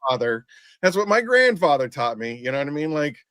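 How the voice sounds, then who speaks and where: A man's voice: a little high, very animated, quick pace, a bit bright, clean tone, no room sound. Podcast host guy, ranty and stubborn, keeps restarting, dry close sound. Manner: rambling, stubborn ranting with many restarts. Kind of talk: casual storytelling.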